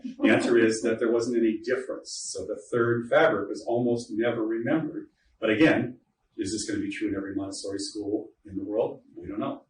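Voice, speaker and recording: A man giving an informal workshop lecture to teachers, chatty and joking, with asides to the audience. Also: on the low side. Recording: roomy echo, distant mic, faint noise.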